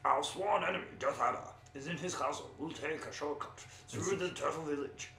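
A man putting on the voice of a gruff dwarf warrior for a video game, with a solemn storytelling tone, slightly off-mic in a roomy room. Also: fairly high pitch, brisk, sharp tone, a little hiss or hum.

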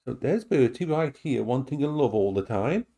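Here the middle-aged man's voice is medium-pitched, animated, creaky and mellow, moving at a normal speed. Vlogging casually from home on a tablet serving as an action cam, he rambles playfully and talks to his dogs in a cooing voice.

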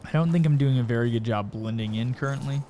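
A warm, medium-pitched male voice runs excited commentary on his own gaming video, with slight background noise. He yelps and repeats himself rapidly in tense moments and chats with the viewer, and himself, while collecting loot.

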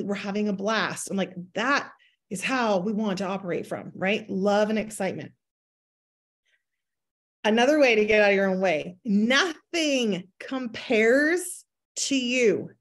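A woman in her thirties giving a motivational talk to her sales team, acting out inner voices in quoted asides. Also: medium pitch. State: pregnant, near her due date. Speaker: network marketing team leader.

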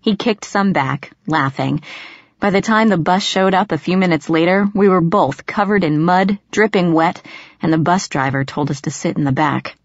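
A woman narrating a first-person audiobook in a measured storytelling manner. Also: low voice, no echo. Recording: dry, slightly muffled.

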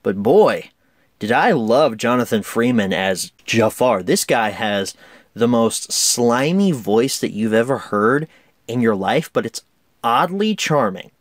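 Man, casual film review, enthusiastic, chatty, lively pitch, dry close sound. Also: slow pace, dry recording. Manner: enthusiastic, chatty, laughs often.

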